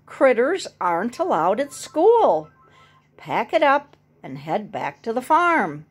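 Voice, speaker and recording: A woman's voice: fairly high pitch, big pitch swings, slow pace, breathy edge, full character voice. A woman voicing a stern school worker who scolds the farm animals in a picture-book reading. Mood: scolding. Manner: scolding, firm.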